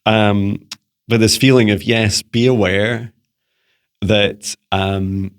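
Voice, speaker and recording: With a fairly low, fairly even voice, a Scottish man speaks slowly and cleanly while fielding viewer questions as a psychic mentor. His monologue wanders, full of restarts, fillers and playful beeping sounds.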